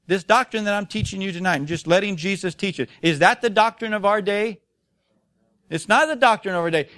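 A male pastor preaching a sermon in church, emphatic and full of rhetorical questions, swinging between loud and soft. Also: high voice, smooth, dry recording, clean studio sound.

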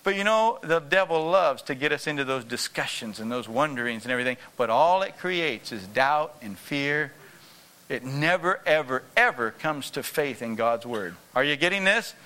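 A man's voice: mid-range voice, expressive, moderate pace, pushed and bright. A man preaching a sermon with emphatic repetition, often asking the congregation to answer back.

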